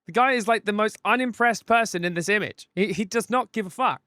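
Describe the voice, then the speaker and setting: Streamer dude rambling, keeps tripping on his words, kinda high voice, dead dry mic. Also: brisk, sharp tone, dry recording. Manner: stammering restarts, swears freely. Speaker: streamer reacting to a video. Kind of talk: casual chat.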